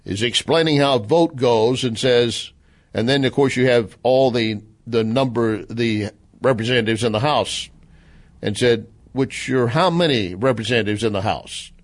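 A Southern-accented man hosts a talk radio show in a sarcastic, animated monologue. His voice sits in a middle pitch, and he slips into mocking voices as he retells quotes. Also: moderate pace. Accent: Southern American. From American South. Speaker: radio commentary host.

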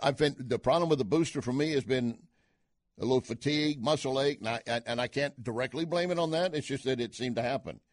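A man's voice: medium pitch, fairly quick, no room sound. An older man hosting a talk radio show, delivering an opinionated monologue with emphatic, punchy asides into a studio mic.

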